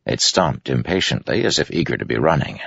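A man narrating a story in an expressive, scripted storytelling delivery. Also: rumbling low, brisk, vocal fry, husky, no echo. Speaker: audiobook narrator. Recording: dry, dull lo-fi sound.

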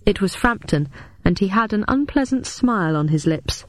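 A woman narrating an audiobook in the first person. Her voice sits in a middle register and carries the story in a steady, even way. The recording is dry and close. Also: mid-range voice, moderate pace, no room sound.

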